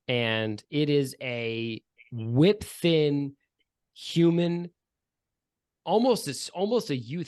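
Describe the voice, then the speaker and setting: A man narrating a tabletop game as game master, chatty and descriptive with many fillers. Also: medium pitch.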